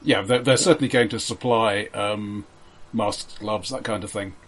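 Stammering game master, low voice. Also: male voice, steady tone, normal speed, crowd noise. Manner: stammering, repeats words. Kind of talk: running a tabletop game.

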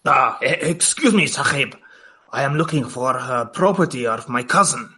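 A man's voice: mid-range voice, animated, bright, forceful tone, husky, heavily acted. A man doing a hesitant foreign businessman. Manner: halting, hesitant, exaggerated put-on foreign accent. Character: nervous wealthy foreign businessman in a suit.

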